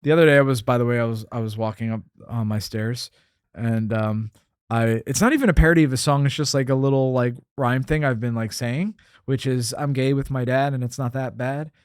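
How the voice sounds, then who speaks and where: A man's voice: medium pitch, fairly quick, smooth, no room sound, studio quality. A man hosting a podcast in casual, crude, rambling chat full of fillers and jokes. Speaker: podcast host.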